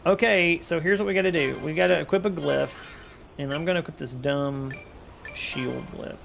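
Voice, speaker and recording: Give me a gravelly young man with a slightly high voice, rambling and joking as he streams. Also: moderate pace, noisy background. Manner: rambling, joking, answers chat. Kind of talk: casual chat while playing a game.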